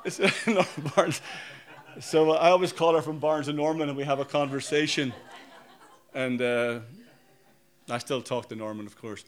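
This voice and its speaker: Northern Irish preacher, conversational. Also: male voice, mid-range voice, fairly even intonation, moderate pace. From Northern Ireland. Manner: conversational, anecdotal, asks the audience questions. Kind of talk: sermon with personal stories.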